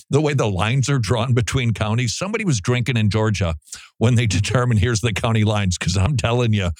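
A man's voice: medium pitch, no room sound. A man hosting a radio show from a studio, talking casually, joking and laughing often. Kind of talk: casual talk-radio monologue. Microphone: studio mic.

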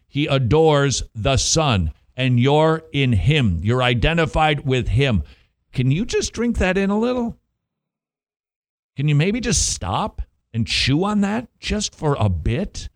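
A man hosting a Christian talk show, emphatic and preachy with a teasing edge. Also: mid-range voice. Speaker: host.

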